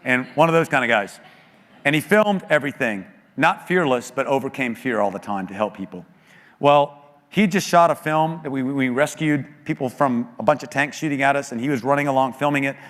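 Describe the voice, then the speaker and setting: A man's voice: medium pitch, fairly quick. Earnest American man in an echoing hall. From United States. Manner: earnest, emotional, animated storytelling with quoted voices. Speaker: guest speaker at a church. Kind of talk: storytelling talk. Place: large church auditorium. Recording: long hall reverb.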